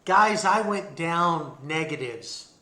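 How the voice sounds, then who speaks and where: A man playing in a tabletop game, chatting casually and hesitantly, with drawn-out fillers. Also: on the high side, animated, sharp tone, slight background noise. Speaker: player.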